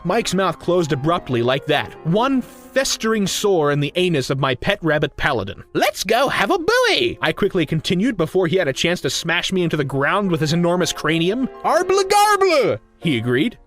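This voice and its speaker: High-voiced man reading absurd nonsense. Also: faint music behind. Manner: deadpan delivery of nonsense, rapid-fire repeated shouting of swear words. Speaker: comedic reader. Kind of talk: absurdist comic narration.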